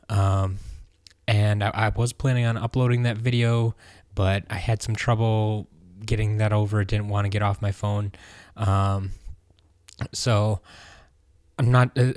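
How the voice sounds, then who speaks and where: Low, mellow-voiced man hosting fan news. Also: no room sound, clean studio sound. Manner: relaxed, rambling with many ums. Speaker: host of a fan news show. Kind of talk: casual news roundup.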